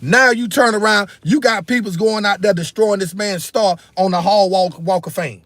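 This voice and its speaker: The host of a political commentary livestream speaks at normal speed in a high-sitting, fairly bright voice, with no room sound. He gets heated, repeats himself, and keeps calling viewers "bro" and "man."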